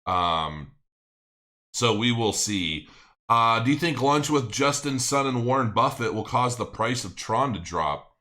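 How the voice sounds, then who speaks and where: A man's voice: mid-range voice, expressive, a little slow, pushed and bright. A middle-aged man hosting a casual livestream, rambling and thinking aloud as he reads viewer comments. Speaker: crypto channel host.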